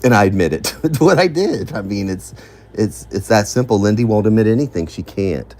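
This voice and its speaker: A man's voice: on the low side, animated, normal speed, a little mellow. A man in casual rambling commentary, laughing and accusatory as he goes over an online feud.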